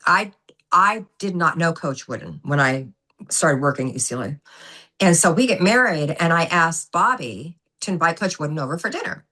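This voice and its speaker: A former gymnastics coach appears as a guest on a podcast interview, telling stories with a bright, animated energy. Her voice sits low and her pace is moderate, and she's an emphatic storyteller who acts out the quotes.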